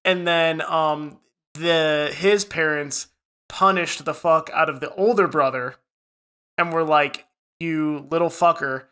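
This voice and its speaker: A man's voice: a little high, fairly even intonation, slow pace, bright, forceful tone, clean tone. A young man co-hosting a podcast, swearing a lot as he retells a story in casual chat. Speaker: podcast co-host.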